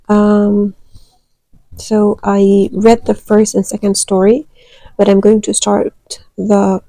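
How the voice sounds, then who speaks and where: A woman's voice: medium pitch, gravelly, warm tone, no room sound, low-quality recording. A woman who grew up speaking Turkmen, chatting casually and with many hesitant fillers about learning languages. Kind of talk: casual vlog talk.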